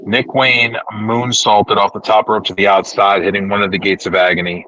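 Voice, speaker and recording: Bright-voiced man in casual wrestling chat. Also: fairly low pitch, normal speed. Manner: rambling, animated retelling with restarts. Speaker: podcast host. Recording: dull lo-fi recording, dry.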